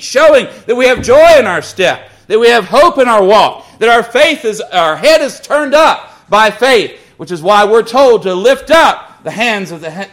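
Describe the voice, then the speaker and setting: A man preaching a sermon, rising to fervent emphasis on key lines and dropping low and quiet when he tells personal stories.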